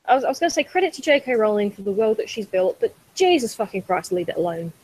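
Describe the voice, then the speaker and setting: A woman's voice: medium pitch, very animated, fast, a little mellow, poor audio. A woman on a podcast in casual chat, ranting in an exasperated, sweary way. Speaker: podcast co-host.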